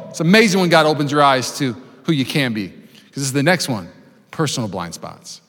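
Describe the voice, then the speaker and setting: A man in his thirties preaching a sermon to a congregation, telling stories with acted-out voices and building to loud preaching. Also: medium pitch, animated, brisk. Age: 30s. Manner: storytelling, acts out voices, rising to loud preaching. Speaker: pastor. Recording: long hall reverb.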